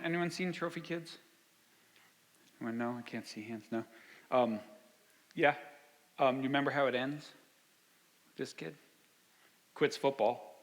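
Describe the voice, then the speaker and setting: A man's voice: medium pitch, a bit bright, big-room sound. A man giving a talk to parents, telling stories from his own family and asking the audience questions. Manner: storytelling, asks the audience. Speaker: speaker.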